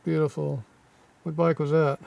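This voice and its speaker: A man with a scratchy throat rambles through viewer comments, offhand and gruff, muttering asides as he goes. His voice is mellow yet sits a touch high. He sounds slightly distant from the microphone. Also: level tone, normal speed, no room sound. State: scratchy throat, frequent throat clearing. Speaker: channel host reading viewer comments.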